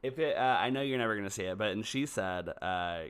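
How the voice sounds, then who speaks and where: A man's voice: fairly low pitch, fast talker, smooth. A man co-hosting a podcast in casual, jokey chat about a movie. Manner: chatty, animated, jokey. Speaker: podcast co-host.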